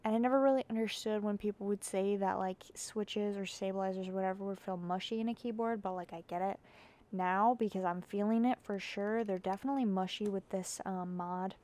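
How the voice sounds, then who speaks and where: A woman's voice: mid-range voice, fairly even intonation, a little fast, darkish tone. A sleepy woman vlogging casually about her keyboard, rambling and giggly, poking fun at herself. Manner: rambling, giggly, self-mocking.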